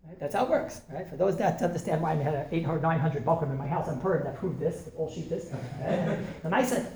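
A man, a rabbi, giving an informal holiday talk, animated, firing rhetorical questions and joking with listeners. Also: fairly high pitch, a little fast, hardly any pauses. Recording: echoey room with faint noise.

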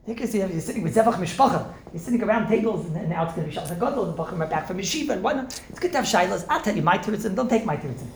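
A man, a rabbi, giving an informal holiday talk, animated, firing rhetorical questions and joking with listeners. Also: high-pitched, very fast, few pauses. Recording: echoey room with faint noise.

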